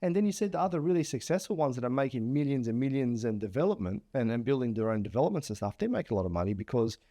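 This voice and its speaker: A man's voice: mid-range voice, rapid-fire. An Australian man hosting a podcast, chatting casually and acting out the people in his stories. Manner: animated storyteller, acts out quotes. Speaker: podcast host. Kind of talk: casual chat.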